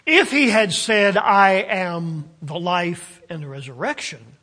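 Slow, emphatic male preacher. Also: sits high, pushed and bright. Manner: slow, deliberate preaching with rising emphasis and trailing drops; halting restarts with frequent uh's. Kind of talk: sermon.

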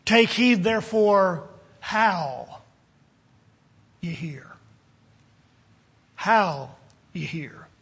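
A man preaching a sermon, reading King James scripture and explaining it with slow, deliberate phrasing. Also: high voice, a bit bright, husky. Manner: slow, deliberate delivery with long pauses between phrases. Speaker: pastor.

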